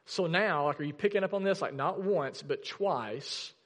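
A man's voice: on the high side, moderate pace, fairly bright tone. Man preaching in a reverberant church. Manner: conversational preaching, reads scripture aloud, asks the congregation questions. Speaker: pastor. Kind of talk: sermon. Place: church sanctuary.

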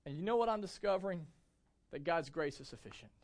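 A young adult male pastor delivering a sermon in a notably high voice. He preaches with emphasis and keeps turning to the congregation with rhetorical questions. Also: animated, quick pace.

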